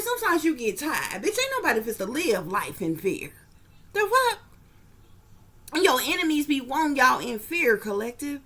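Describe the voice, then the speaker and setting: A woman's voice: a little high, pushed and bright. A woman doing a psychic reading for viewers in a blunt, profane, rambling casual talk. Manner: blunt, profane, rambling, repeats "you know what I'm saying". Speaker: psychic reader.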